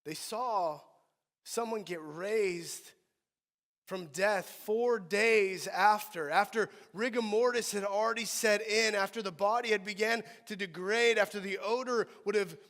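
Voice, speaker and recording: A man preaching a sermon as pastor, animated, swinging between quiet stretches and loud outcries. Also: high voice, unhurried, long reverb tail. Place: church sanctuary.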